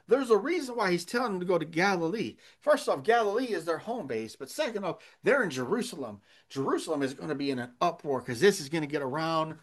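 High-voiced man preaching earnestly. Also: lively intonation, fast talker, few pauses. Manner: earnest, emphatic preaching with rhetorical questions. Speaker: pastor. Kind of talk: sermon.

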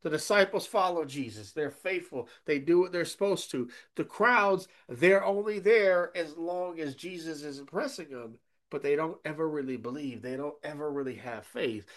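This pastor's voice is a little high and moves at a moderate pace. Preaching with emphasis, he frequently asks "okay?" and alternates between booming points and hushed asides.

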